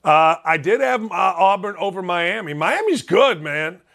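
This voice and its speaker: A man's voice: high-pitched, very animated, unhurried, gravelly, fairly bright tone. A sports radio host from Northwest Indiana with a Chicago accent, talking bluntly and self-mockingly as he rambles through his bracket picks. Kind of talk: solo sports talk monologue.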